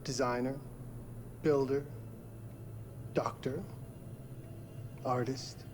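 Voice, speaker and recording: An actor playing a courteous, subtly sinister hotel owner in video game dialogue. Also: male voice, mid-range voice, little pitch movement, extremely slow, background noise. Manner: polished, gracious. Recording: game audio under music.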